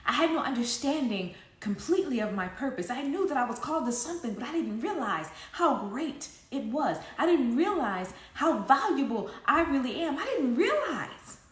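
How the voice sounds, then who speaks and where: A woman in her forties hosting an online faith talk, preaching passionately, swinging between loud emphasis and soft asides and laughing often. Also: high voice, lively intonation, moderate pace, hardly any pauses, echoey room. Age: 40s.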